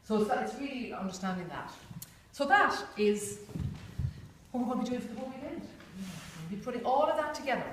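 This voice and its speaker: A woman's voice: on the high side, expressive, fairly quick. A woman leads a workshop group in a chatty, informal way, often saying "you know" and acting out little voices. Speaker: workshop facilitator. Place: large echoey room with a group. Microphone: distant room mic. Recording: echoey room, far from mic, faint hiss.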